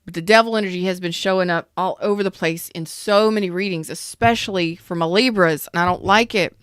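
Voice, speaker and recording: A woman's voice: lowish voice, a little fast, fairly bright tone, smooth, dry recording, studio quality. A woman tarot reader doing a live reading as a casual, blunt rant, swearing freely, calling viewers out and answering chat comments. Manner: blunt, profane, calls viewers out.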